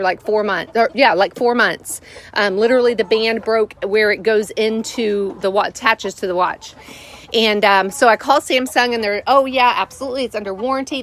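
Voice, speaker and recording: A middle-aged woman hosts a vlog from a rural homestead, telling a rambling story to camera with lots of fillers. Her mid-range voice has a fairly bright tone, and there's a little hiss or hum.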